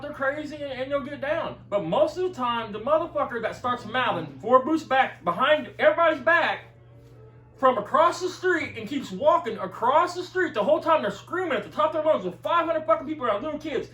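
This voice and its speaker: A man's voice: extremely high pitch, a bit bright, reverberant, recorded from a distance, low-quality recording. A man telling a heated, profane story in casual chat, recorded away from the mic in a room. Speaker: video commentator.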